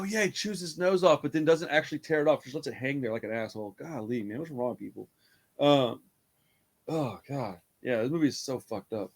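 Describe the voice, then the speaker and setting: A man casually retelling a horror film, rambling, laughing often and swearing freely. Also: on the high side. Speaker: podcast co-host reviewing a horror film. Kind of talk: casual profane chat.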